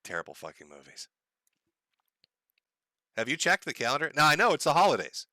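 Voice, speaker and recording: A man's voice: a little high, huge pitch swings, fairly quick, bright, forceful tone, dry recording. A man from the United States hosting a casual livestream, talking in a profane, sardonic way and chuckling often. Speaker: livestream host.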